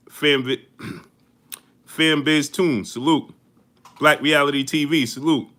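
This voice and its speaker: Male host, bright forceful voice, casual high-energy shout-outs to live chat. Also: moderate pace. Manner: energetic, greets viewers one by one with slang. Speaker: host of a boxing live stream.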